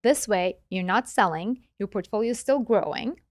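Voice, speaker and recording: A woman guest with a non-native English accent, explaining investing in a casual interview with animated, quick asides. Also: mid-range voice, dry recording.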